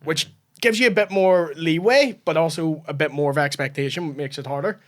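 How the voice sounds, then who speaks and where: A man with a Northern Irish accent, a comedian guest telling animated stories in casual podcast chat and swearing freely. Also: on the high side, fairly quick.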